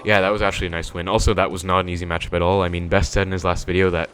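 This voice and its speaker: A man's voice: low-pitched, flat delivery, very fast, fairly bright tone, slight background noise. A young man giving casual commentary on his own gameplay, thinking aloud with many fillers. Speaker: gaming video creator.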